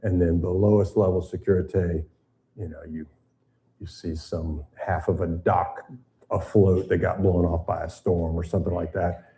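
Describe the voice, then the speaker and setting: Low, dark-voiced older man teaching. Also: flat delivery, normal speed. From United States. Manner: conversational, explanatory, frequent fillers. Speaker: seminar presenter. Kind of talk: boating safety seminar talk. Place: seminar room with audience.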